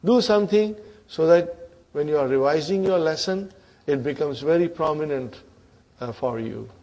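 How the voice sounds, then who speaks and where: A man teaching an Arabic grammar class, quizzing students with repeated questions and clearing his throat often. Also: a little high, normal speed, a little mellow, poor audio.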